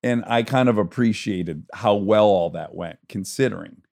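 A man's voice: lowish voice, normal speed, vocal fry, a little mellow. A man hosting a podcast, chatting with his guest in an enthusiastic way and laughing between thoughts. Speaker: podcast host. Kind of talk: casual interview chat.

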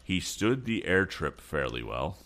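A man's voice: low voice, very animated, a little slow, fairly bright tone, full character voice. A man voicing an aged male inventor who is fretful and tired, in a storybook reading.

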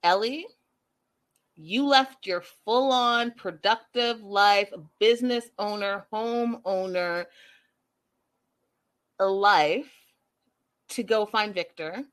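A woman's voice: mid-range voice, slow pace, long pauses, a bit bright. Sassy woman recapping reality TV. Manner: sassy, opinionated, talks straight to viewers. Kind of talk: casual reality TV recap commentary.

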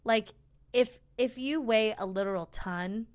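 A young woman in casual chat, animated and swearing, full of "like". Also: on the high side, measured pace, clear, resonant tone.

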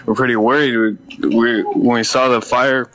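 A man's voice: medium pitch, level tone, normal speed, fairly bright tone, low-quality recording. A man calling in to a show as an eager, friendly fan. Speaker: caller. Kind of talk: phone call-in chat.

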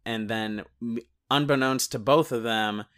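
A man co-hosting a podcast, chatting casually about a movie and retelling scenes in a rambling, animated way, swearing and laughing often. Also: medium pitch, a little slow. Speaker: podcast co-host reviewing a movie. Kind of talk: casual chat.

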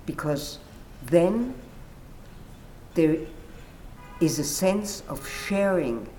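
A woman discussing literature in conversation, animated and acting out quoted dialogue. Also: low-pitched, a little hiss or hum. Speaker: literature commentator. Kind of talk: conversational explanation.

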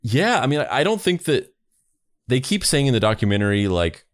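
A man's voice: medium pitch, sing-song, brisk, no echo, clean studio sound. A man co-hosting a podcast in a rambling, casual discussion with frequent restarts. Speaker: podcast co-host.

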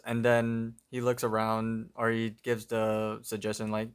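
A man's voice: lowish voice, monotone, a little slow, clear, resonant tone. A man co-hosting a podcast, casually retelling a cartoon episode with wry asides. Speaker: podcast co-host.

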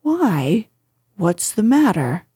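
A woman voicing a kindly, simple male teddy bear in a storybook, with gentle, soft, half-whispered singing. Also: medium pitch, sing-song, very slow, breathy edge, dry recording, studio quality, exaggerated voice.

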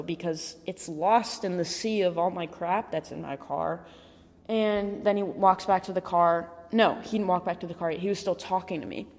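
A woman's voice: fairly low pitch, darkish tone, long reverb tail. A young adult woman telling a personal story in a candid, chatty way, saying "like" a lot and swearing now and then. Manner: candid, chatty, heavy use of filler "like", swears. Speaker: vlogger. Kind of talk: casual storytelling.

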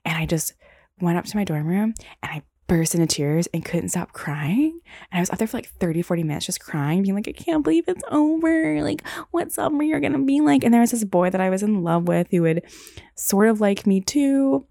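Her voice medium-pitched and warm, a young podcast host rambles through a long, candid story about her own life, peppered with profanity and endless "like"s. The recording is dry and studio quality.

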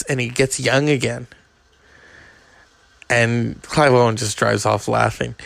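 A man's voice: medium pitch, vocal fry, no echo. A man hosting his own podcast, rambling in a crude, sardonic monologue. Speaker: podcast host.

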